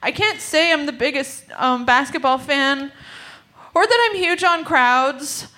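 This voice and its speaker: A woman's voice: high-pitched, unhurried, sharp tone. A woman reading a mousy, klutzy assistant producer in her mid-twenties, hesitant and flustered, in a comedy table read.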